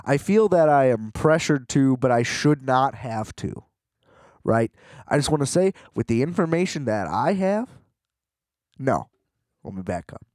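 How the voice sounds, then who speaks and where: A man hosting a podcast, delivering a casual comedic monologue with rambling, profane, animated ranting. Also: medium pitch, unhurried, pauses often, dry recording, studio quality.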